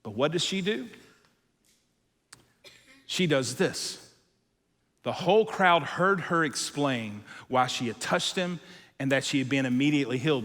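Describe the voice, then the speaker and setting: A male pastor preaching a sermon, telling a story with animated acted-out voices and dropping to quiet, intense moments. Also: fairly high pitch, big-room sound. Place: church auditorium.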